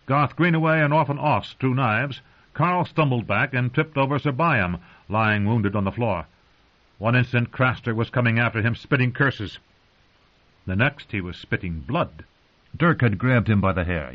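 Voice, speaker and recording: Male audiobook reader, even mid pitch, steady dramatic delivery; dull audio. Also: normal speed. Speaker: narrator. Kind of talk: audiobook narration.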